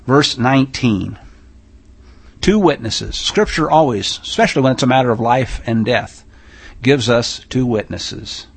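With a high, somewhat bright voice, this man preaches emphatically and folksily as a Bible teacher. He adds sarcastic asides and reads scripture pointedly aloud, hitting individual words hard.

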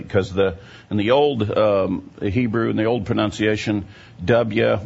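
A man with a low, gravelly and husky voice teaches from the pulpit. He explains at length and keeps checking that his listeners follow. The recording sounds dull and lo-fi. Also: steady tone, a little slow, a little mellow. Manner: explanatory, often checks in with the audience. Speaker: Bible teacher. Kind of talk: teaching sermon with a story.

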